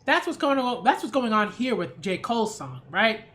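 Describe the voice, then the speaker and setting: A woman's voice: fairly high pitch, sing-song, normal speed, fairly bright tone. A woman hosting her own channel, giving a casual opinion rant with emphatic, sarcastic delivery and frequent rhetorical "right?" check-ins. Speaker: culture critic and channel host.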